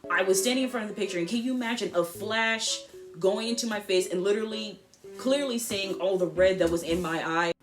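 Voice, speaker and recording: A teenage girl vlogger telling a school story in an animated, slangy way, full of asides. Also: medium pitch, brisk, faint music behind. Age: teens. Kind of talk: storytime vlog.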